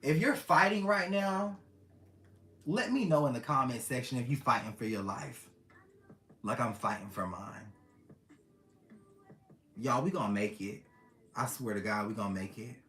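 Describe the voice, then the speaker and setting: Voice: medium pitch, unhurried, long pauses, fairly bright tone, soft background music. A tarot reader giving a casual reading to camera, earnest and affectionate, often repeating phrases to the listeners. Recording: roomy echo.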